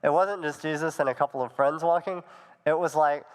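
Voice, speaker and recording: A man's voice: on the high side, fairly even intonation, fairly quick, clear, resonant tone. Young man preaching in a reverberant hall. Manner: conversational, plain storytelling with fillers. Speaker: youth pastor. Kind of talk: sermon.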